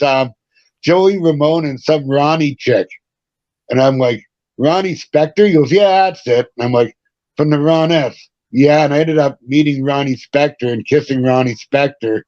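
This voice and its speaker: A man who sings in a punk band, telling lively stories as a guest, acting out quoted voices and laughing often. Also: medium pitch, dry recording, dull audio. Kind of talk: casual interview storytelling.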